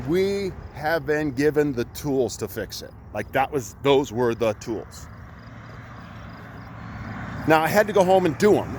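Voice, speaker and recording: A man's voice: medium pitch, slight background noise. A middle-aged man, a coach, telling a heated story in blunt, profane talk while out on a walk. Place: outdoors by a road.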